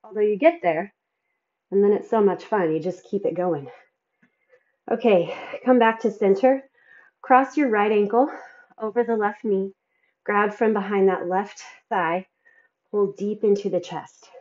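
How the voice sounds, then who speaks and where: A woman's voice: medium pitch, fairly even intonation, unhurried, pauses often, darkish tone, muffled recording. A woman fitness instructor coaching a workout, counting reps and encouraging, sighing and a bit out of breath between exercises.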